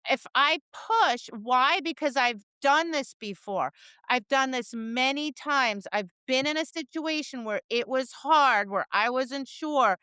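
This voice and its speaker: A woman co-hosting a dog training podcast, chatting casually and acting out her students and dogs in lively voices. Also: high voice, takes it slowly, clean tone, dry recording. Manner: animated storyteller, acts out voices, laughs and swears. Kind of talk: casual chat.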